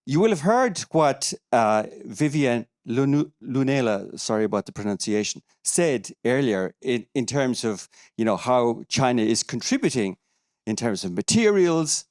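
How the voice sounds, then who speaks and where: Earnest man, lively pitch. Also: a little slow, dry recording, clean studio sound. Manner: earnest, hesitant with fillers. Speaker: audience member, independent podcaster. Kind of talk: conference floor question. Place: conference room.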